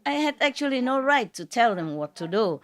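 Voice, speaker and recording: A woman's voice: on the high side, big pitch swings, a little fast. A woman spiritual teacher telling a gathering informal stories, in non-native English with dropped grammar and many fillers. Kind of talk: informal storytelling talk to a gathering.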